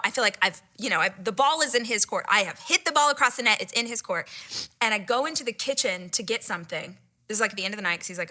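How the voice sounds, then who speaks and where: A middle-aged woman excitedly retelling a personal story, breathless and giddy, sometimes dropping into whispered asides. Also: medium pitch, fast talker. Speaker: podcast host retelling a date story.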